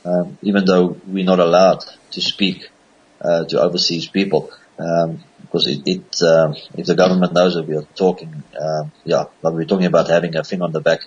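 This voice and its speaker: A man from Africa, a guest on a radio interview who talks hesitantly with many filler pauses. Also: sits low, little pitch movement, slightly rough, highs cut off. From South Africa.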